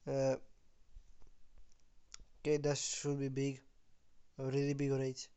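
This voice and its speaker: A man giving casual gameplay commentary on his channel, excitable and chuckling, with loose phrasing and a sick voice. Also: fairly high pitch, slow pace, long pauses, smooth, highs cut off. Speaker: gaming YouTuber.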